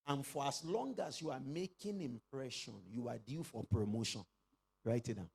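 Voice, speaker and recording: A middle-aged male pastor delivers a sermon in a fairly high, husky voice. His pitch swings widely as he calls on the congregation to repeat after him and rises to shouted exclamations. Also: lively intonation, fairly quick. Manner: preaching with call-and-response, rising to shouted exclamations.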